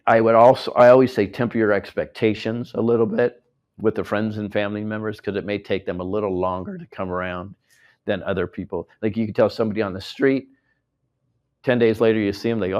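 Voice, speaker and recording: American male host, lowish voice, emotional rambling live-audience speech. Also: darkish tone, lo-fi sound. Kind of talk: speech at a live tour event. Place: event hall with an audience.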